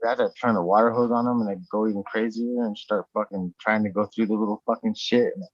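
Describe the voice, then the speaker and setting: A man's voice: on the low side, fast talker, dry recording. A man tells stories in a loose podcast chat, cursing often and getting worked up as he rambles. The sound is dry and a bit dull, with little room around it. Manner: profane, rambling, animated retelling. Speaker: podcast host. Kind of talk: casual storytelling chat.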